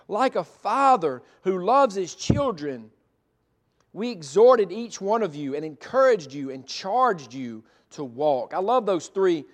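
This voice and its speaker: A middle-aged male pastor preaching a sermon, moving from loud emphatic passages to soft, intimate ones. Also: high voice.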